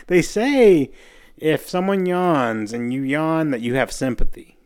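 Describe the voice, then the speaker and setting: Laughing podcast host recapping scenes. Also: male voice, a little high, lively intonation, takes it slowly, a little mellow, smooth. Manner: laughs often, recaps TV scenes with acted quotes. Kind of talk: casual chat.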